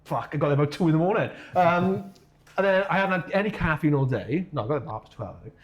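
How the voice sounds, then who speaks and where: A man's voice: fairly high pitch, lively intonation, fast talker, dull audio. A man with a Welsh accent, co-hosting a podcast, telling a running story with lots of swearing and laughter. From Wales. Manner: swears a lot, laughs while telling stories. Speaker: podcast co-host. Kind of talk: casual chat.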